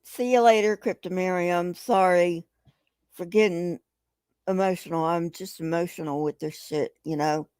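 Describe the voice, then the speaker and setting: A woman's voice: lowish voice, fairly even intonation, normal speed, darkish tone, clear, resonant tone, no room sound. A woman hosting a casual livestream, talking to her chat in an emphatic, profane, agitated way. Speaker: livestream host reading chat.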